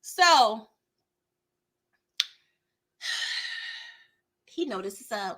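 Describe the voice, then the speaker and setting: A woman's voice: a little high, drawn-out words. A woman hosting a live TV recap, chatting casually with lots of laughs and acting out characters' lines. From California. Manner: animated, laughing, acts out characters mid-story. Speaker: TV recap host.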